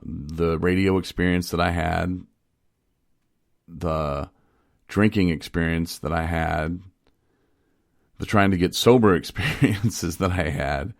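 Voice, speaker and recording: Speaking slowly with long pauses, a young man co-hosting a podcast tells candid, rambling stories in casual conversation, frequently starting over mid-thought. His low, creaky voice goes into a studio mic with no room sound.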